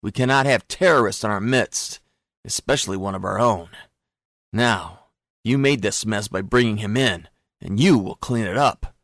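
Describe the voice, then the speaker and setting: A man voicing a cold, menacing male intelligence chief who interrogates in a quiet, measured, threatening way. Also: lowish voice, no echo, clean studio sound. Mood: commanding.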